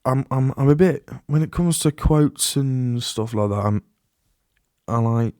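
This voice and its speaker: A man's voice: mid-range voice, measured pace, warm tone, dry recording, studio quality. A man hosting a solo podcast in a casual, rambling way, often restarting and trailing off into asides. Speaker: podcast host.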